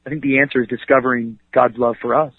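A male pastor and author speaking as an interview guest in an energetic, preachy manner, often adding 'you know what I mean'. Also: medium pitch, fast talker, creaky, slightly rough. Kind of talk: conversational radio interview. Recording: dry, tinny phone line.

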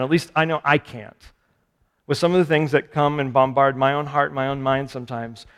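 A man with a somewhat high voice delivers a sermon in a relaxed, conversational way. He pokes fun at his own habits and keeps turning questions back on his listeners. His voice rings out with the long reverb of a large hall. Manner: conversational, self-deprecating, rhetorical questions to listeners. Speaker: pastor.

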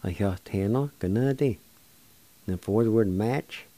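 An older man teaching words of his language on a radio show, slowly spelling and pronouncing each syllable with patient encouragement. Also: on the low side, dark tone, no room sound. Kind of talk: slow spelling and pronunciation lesson.

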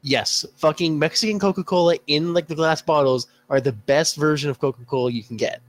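A man's voice: fairly high pitch, a little fast. A young man hosting a casual podcast, laid-back and profane in his banter. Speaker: podcast host. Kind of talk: casual chat.

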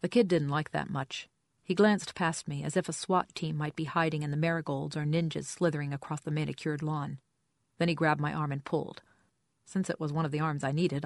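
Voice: mid-range voice, no room sound. An audiobook narrator reading a first-person detective story in a dry, wry hard-boiled manner.

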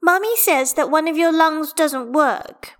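A woman reading a story aloud and voicing an excitable, dramatic little girl with a shrill, squealing voice. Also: measured pace. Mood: worried.

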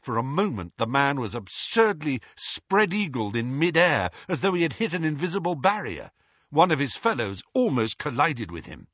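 Male audiobook narrator, husky, lively melody, dramatic reading. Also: fairly high pitch, no room sound, lo-fi sound.

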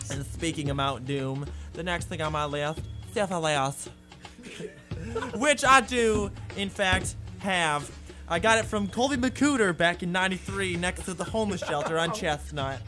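A man's voice: on the high side, a little slow, music in the background, lightly acted. A man playing a rude young man who mocks and insults everyone in a comedic rant. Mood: snide. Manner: snide, insulting, mocking.

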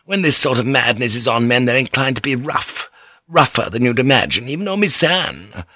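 A man voicing a shrewd middle-aged brothel madam in an audiobook, brisk and commanding. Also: medium pitch, expressive, pushed and bright, no room sound, studio quality. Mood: scheming.

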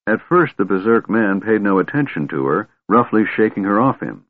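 The narrator is a man with a low, slightly husky voice, steadily and deliberately narrating a scripted fantasy audiobook. His recording is tinny and narrow-band, like a phone line missing its lows and highs, and it's close-miked and dry without echo.

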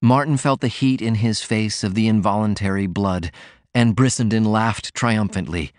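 Man, audiobook narration, measured steady reading, lowish voice, dry sound. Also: no room sound.

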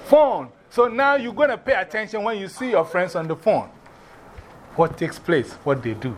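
A man's voice: sits high, normal speed, slight background noise. African-accented male teacher addressing his class. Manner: animated, asks the class questions.

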